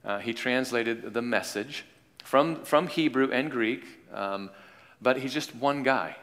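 A man teaching an informal class on Bible translation, talking in a halting way with frequent restarts and repeated words. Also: medium pitch, a bit bright. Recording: long hall reverb.

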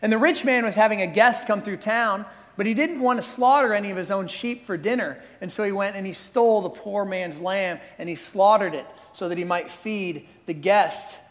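Man doing solemn prophet, measured parable-telling, high voice, reverberant. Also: a bit bright. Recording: reverberant hall.

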